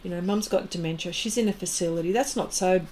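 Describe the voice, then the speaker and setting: A woman's voice: lowish voice, fast talker, dark tone, a little hiss or hum. A middle-aged Australian woman hosting an art livestream, chatting casually and rambling with viewers, full of fillers and restarts. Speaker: artist livestream host. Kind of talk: casual chat with live viewers.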